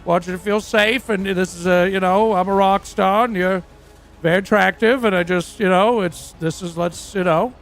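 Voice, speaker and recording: A man's voice: high voice, steady tone, moderate pace, faint music behind. A man playing a crude, boastful aging rock singer who tells rambling, profane stories in a role-play livestream.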